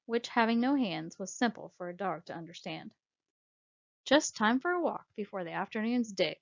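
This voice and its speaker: A woman narrating a storybook in a measured, expressive way, her voice sitting at a middling pitch. The recording has a dull, lo-fi sound. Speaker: audiobook narrator.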